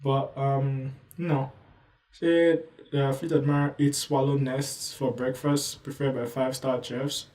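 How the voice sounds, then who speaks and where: A man's voice: mid-range voice, flat delivery, a little slow, a little mellow, reverberant, distant mic, low-quality recording. A man giving casual commentary as a manga reviewer, rambling loosely with lots of asides. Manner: rambling, loose, full of "you know" asides.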